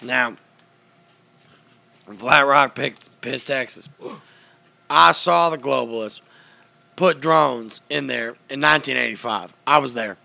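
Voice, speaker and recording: A man's voice: mid-range voice, takes it slowly, gravelly, pauses often, sharp tone, full character voice. Man doing a ranting conspiracy radio host. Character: blustering male conspiracy radio host, middle-aged. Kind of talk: comedic impression.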